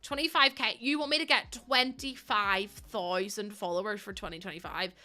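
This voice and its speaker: A woman's voice: medium pitch, normal speed, bright, forceful tone. A young woman chatting casually with her live-stream viewers, bubbly and giggly. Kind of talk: casual live-stream chat while playing.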